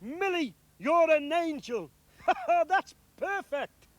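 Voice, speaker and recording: A man voicing a jolly, kindly old Father Christmas in a storybook reading, warm and fatherly. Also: very high voice, very animated, measured pace, dry recording, dull audio, voice pushed up, full character voice. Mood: delighted.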